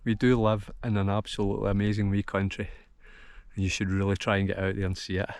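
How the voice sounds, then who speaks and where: A man's voice: lowish voice, monotone, fast talker, a little mellow, clear, resonant tone, dry recording. A middle-aged Scottish man talking casually to camera outdoors on a mountain ridge, tired from a long walk, rambling and heartfelt, with many restarts. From Scotland. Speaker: hillwalking vlogger.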